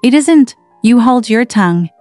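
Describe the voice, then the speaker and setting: A woman's voice: fairly high pitch, animated, a little slow, dark tone, no room sound, faint music behind. Brief: woman reader voicing a frail, spiteful teen boy; peevish, taunting; dry close read. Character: sickly spiteful teenage boy, whiny and taunting.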